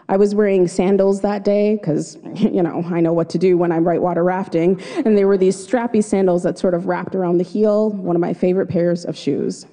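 A woman's voice: lowish voice, mellow. A woman telling a personal story live on stage, in a vivid, dramatic first-person way. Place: stage before an audience. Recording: long hall reverb.

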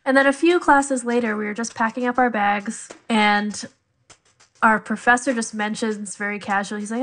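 A woman's voice: on the high side, steady tone, moderate pace, a bit bright. A woman guest in an interview, speaking in a chatty, eager way and laughing easily. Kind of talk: casual interview talk. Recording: music bed under the voice.

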